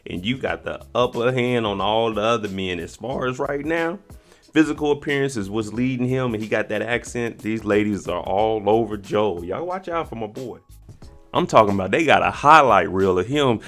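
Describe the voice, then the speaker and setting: A man giving a casual, slangy recap of a dating show, animated and acting out what the cast members said. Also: a little fast. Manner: animated, slangy, acts out quotes in higher pitch. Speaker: YouTube reaction host.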